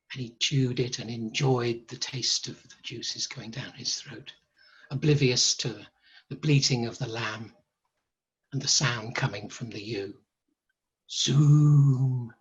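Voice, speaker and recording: A man narrating a story at a live storytelling evening, in a slow, dry, understated way. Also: medium pitch, pushed and bright, breathy edge, highs cut off.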